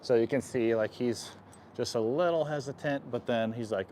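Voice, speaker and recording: A man working as an equine chiropractor, explaining stretches on a live stream while softly soothing the horse and often clearing his throat. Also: mid-range voice, moderate pace, a little hiss or hum. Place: horse stall in a stable.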